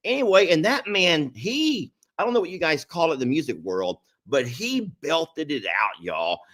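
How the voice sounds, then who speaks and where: A man co-hosting a casual chat show, telling a story with a lot of energy. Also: moderate pace. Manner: animated storyteller, pitch jumping up when excited. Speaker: podcast co-host.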